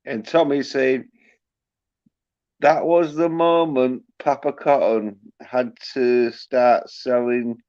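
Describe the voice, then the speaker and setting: Guy hosting a stream, slow crude chat reading, dull dry mic. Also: medium pitch, a little mellow, dry recording. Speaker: livestream host. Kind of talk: casual livestream chat reading comments.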